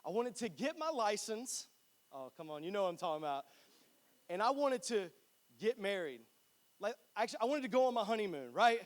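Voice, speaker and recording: A young man with a fairly high voice preaches a sermon to his church. He talks in a casual, joking way and tells stories from his own life. He is from North Carolina. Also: fairly quick. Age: 20s. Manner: chatty, joking, animated storytelling. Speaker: pastor.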